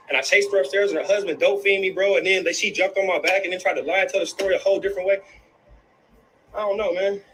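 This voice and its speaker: Fast, high-voiced man in an angry rant. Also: fairly bright tone, a little hiss or hum, poor audio. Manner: angry, profane, repeats himself, keeps saying "bro". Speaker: guest in a livestream clip. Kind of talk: heated personal rant.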